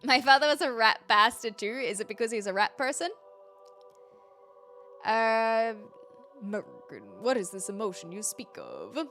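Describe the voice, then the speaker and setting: A woman's voice: fairly high pitch, sing-song, a little slow, pauses often, bright, forceful tone, faint music behind. An American woman streaming a game, chatting casually, laughing often and answering chat. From United States. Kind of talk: casual live game commentary.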